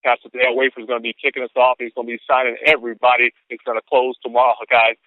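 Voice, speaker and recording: A man on a conference call, hyping an upcoming event in an excitable, whooping sales manner. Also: medium pitch, rapid-fire, no echo. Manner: excitable, whooping, preacher-like hype. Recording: phone line.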